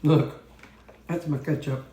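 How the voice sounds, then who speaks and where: A woman's voice: low voice, fairly even intonation, slow, mellow, slightly rough. Rambling, chatty woman vlogging at home. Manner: rambling, chatty, self-deprecating. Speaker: weight-loss vlogger. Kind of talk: casual chat to camera.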